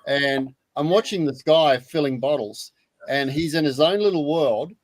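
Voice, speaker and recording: An Australian man in his sixties telling a story in casual chat, lively and repeating his words as he goes. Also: fairly high pitch, normal speed, dry recording, low-quality recording. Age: 60s. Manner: animated anecdote teller, repeats words.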